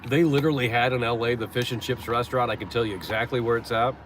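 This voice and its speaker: A man's voice: medium pitch, fairly even intonation, quick pace, a bit bright, a little hiss or hum. A man streaming live from his parked car, chatting in a rambling, blunt and profane way with lots of fillers. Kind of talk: casual live-stream chat. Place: parked car in a parking lot.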